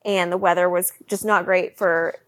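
A young woman co-hosting a podcast, telling a story in a lively, laughing way. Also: lowish voice, moderate pace. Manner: animated storytelling with frequent laughs. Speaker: podcast co-host. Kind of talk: casual chat.

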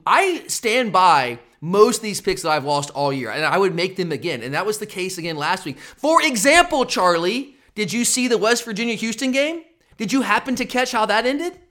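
A man talks through his losing bets in casual podcast chat, exasperated and self-mocking. His pitch swings widely as he rambles on. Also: very animated, normal speed, pushed and bright. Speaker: podcast co-host. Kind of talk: casual sports betting chat.

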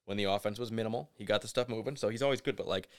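Lowish-voiced man chatting sports opinions. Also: rapid-fire. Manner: animated, opinionated, mimics people in asides. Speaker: podcast co-host. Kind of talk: casual sports podcast chat.

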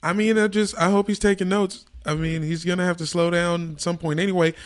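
Slangy joking guy, bit high voice. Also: fairly even intonation, smooth. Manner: joking, slangy, quick bursts. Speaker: podcast co-host. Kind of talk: casual sports chat.

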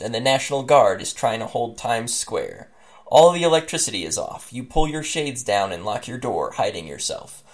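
A man co-hosting a casual podcast, laughing often and reading an interactive story aloud. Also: medium pitch. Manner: laughing, animated reader.

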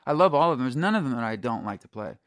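A man's voice: medium pitch, sing-song, racing, a bit bright, no room sound, studio quality. A middle-aged man, a singer-songwriter guest, telling candid stories in a casual interview, restarting sentences and swearing freely.

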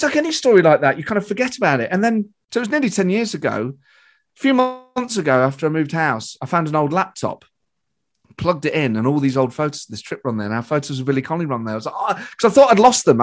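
A British man, a comedian guest, telling an excited story in casual chat, with frequent restarts. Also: on the high side.

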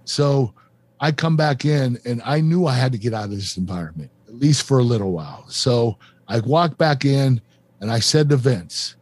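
A man's voice: mid-range voice, expressive, normal speed, darkish tone, breathy edge. A middle-aged man, the host of the show, earnestly telling a confessional story in an interview, with plenty of fillers. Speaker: show host and former wrestler.

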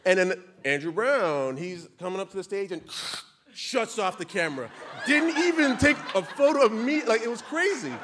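Animated man telling a story. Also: high voice, normal speed, background noise. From Canada. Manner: animated, laughing through lines, acts out quoted voices. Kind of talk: live personal storytelling on stage. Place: live stage event.

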